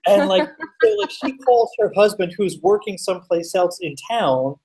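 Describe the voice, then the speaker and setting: A man telling a story as a guest, animated, full of fillers and swearing. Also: high-pitched, moderate pace, far from the mic, rough recording. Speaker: podcast guest. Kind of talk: casual storytelling.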